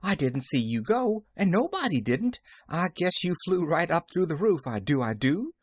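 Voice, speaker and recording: A man voicing a flustered, excitable young woman servant who exclaims in rustic country speech. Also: a little high, normal speed, dry recording, clean studio sound, voice pushed up.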